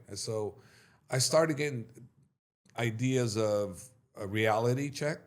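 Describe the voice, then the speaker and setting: A middle-aged man, a martial arts coach being interviewed, telling stories in a lively way and acting out what others said. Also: mid-range voice, a little slow. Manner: animated storyteller who acts out quotes loudly. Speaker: MMA coach, interview guest. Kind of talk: storytelling in an interview.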